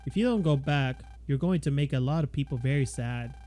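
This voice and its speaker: A man voicing a gentle, loving father who speaks softly and encouragingly. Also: medium pitch, fairly quick, lightly acted. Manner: soft and encouraging.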